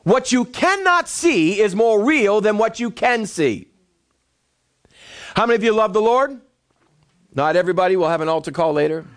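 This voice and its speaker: Animated preacher with a lively high voice. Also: male voice, normal speed, pauses often. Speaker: pastor. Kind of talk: sermon. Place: church before a congregation.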